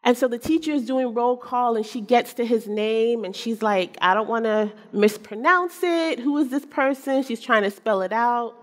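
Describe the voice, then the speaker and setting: Earnest storytelling woman in a hall. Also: fairly high pitch. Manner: earnest storytelling, acts out her son's voice. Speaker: speaker giving a church talk. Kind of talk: personal story sermon. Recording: long hall reverb.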